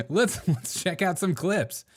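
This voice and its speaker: A man hosts a commentary show, mocking clips with sarcastic, teasing remarks and laughing often. His voice sits high and sounds slightly rough, animated but slow-paced.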